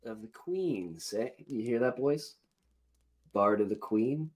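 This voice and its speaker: A man's voice: mid-range voice, animated, darkish tone, husky. Man doing a sneering goblin thug. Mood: menacing. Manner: mocking, drawn-out. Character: sneering male goblin bandit, menacing.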